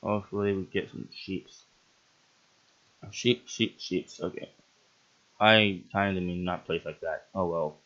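A man's voice: low voice, fairly even intonation, a little slow, pauses often, fairly bright tone, dull audio. A man giving gameplay commentary who laughs often and bursts into sudden yelps. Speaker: gaming channel host.

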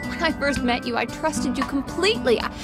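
An actress playing a guarded young woman in an animated cartoon, candid and teasing. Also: high voice, a little fast, over loud music. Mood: earnest.

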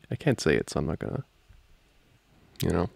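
A young man in a whispered role-play as a boyfriend, soft-spoken and playful, laughing often, close to the microphone. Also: deep voice, sing-song, normal speed, vocal fry, breathy edge, no echo.

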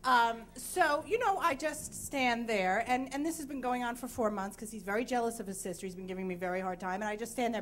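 Woman in her 30s, high voice, live stage storytelling, blunt self-mocking humor, tired. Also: fairly quick, few pauses, fairly bright tone. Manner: frank, self-deprecating and comic. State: sleep-deprived. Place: stage before a live audience.

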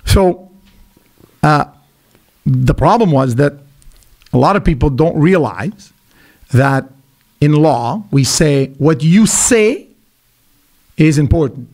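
Animated, blunt middle-aged man. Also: on the high side, slow pace, long pauses. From Quebec, Canada. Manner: animated, emphatic storytelling with blunt asides. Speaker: podcast guest, businessman. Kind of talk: casual podcast conversation.

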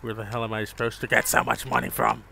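A man giving relaxed live gameplay commentary, chatting with viewers and calling them bro. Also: mid-range voice, fast talker, vocal fry, slight background noise. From Jamaica. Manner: laid-back, chats with viewers, calls them bro. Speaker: gaming streamer.

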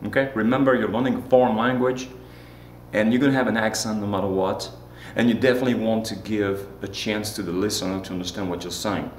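A man teaching a Spanish lesson in a chatty way, repeating examples slowly and correcting himself as he goes. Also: fairly low pitch, echoey room, a little hiss or hum. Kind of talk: classroom-style language lesson.

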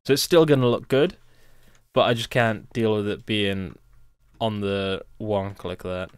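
A man's voice: medium pitch, clean tone, dry recording. A young man hosting a let's play, chatting casually and thinking aloud as he builds. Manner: rambling, thinks aloud and talks to himself while building. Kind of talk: casual gameplay commentary.

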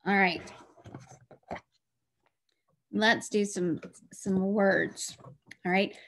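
Slow patient woman teaching phonics. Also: medium pitch, fairly even intonation, fairly bright tone. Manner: slow and patient, sounding out letters. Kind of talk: phonics lesson for children.

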